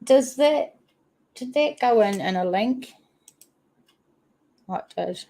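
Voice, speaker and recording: A woman's voice: fairly high pitch, expressive, takes it slowly, vocal fry, mellow. A woman from New Zealand with a New Zealand accent, hosting a casual livestream chat and reading viewer comments aloud. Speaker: livestream host.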